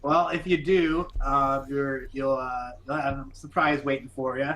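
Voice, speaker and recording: A man voicing a gruff middle-aged shopkeeper and protective father, blunt and threatening, with halting pauses. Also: medium pitch, fairly even intonation, over a noisy crowd, lightly acted.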